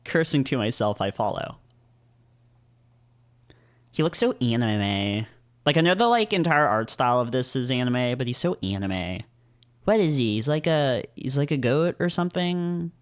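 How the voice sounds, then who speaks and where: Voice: mid-range voice, big pitch swings, normal speed. A visual novel reader reading aloud and commenting casually, rambling and hesitant with frequent fillers and restarts.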